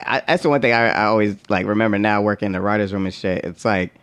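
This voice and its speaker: A man chatting casually, telling lively, profane work stories and jumping into high voices when he quotes people. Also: fast talker, clear, resonant tone, no room sound. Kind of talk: casual storytelling chat.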